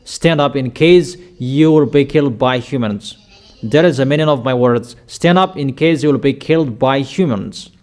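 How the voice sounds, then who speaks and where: A man preaching a sermon in halting, repetitive English, delivering emphatic commands and addressing his listeners as children. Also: mid-range voice, a little mellow. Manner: halting non-native English with repeated phrases.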